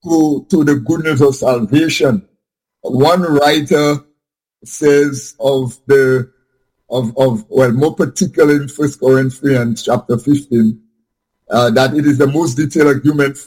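A man's voice: medium pitch, unhurried, darkish tone, breathy edge. A man taking part in a Bible study discussion, explaining a point with many restarts and repeated words. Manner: hesitant, repeats words while searching for phrasing.

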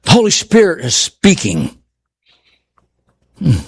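High-voiced emphatic male preacher. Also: wildly swooping pitch, slow pace, gravelly, husky. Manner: emphatic, swinging from high exclaims to low murmurs; rhetorical questions to the congregation. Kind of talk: sermon.

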